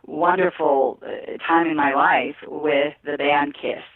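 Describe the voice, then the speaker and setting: A woman's voice: sits low, slow. A middle-aged woman from California, telling stories in a casual interview, laughing and acting out what people said. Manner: animated, laughing, acts out quotes. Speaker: guest, former wrestler. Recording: tinny phone line.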